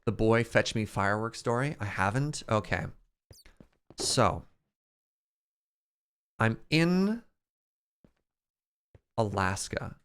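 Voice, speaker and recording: A man streaming a game, chatting casually and telling stories in an animated way to his chat. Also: fairly low pitch, slow, long pauses, clean tone. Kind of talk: casual storytelling while playing.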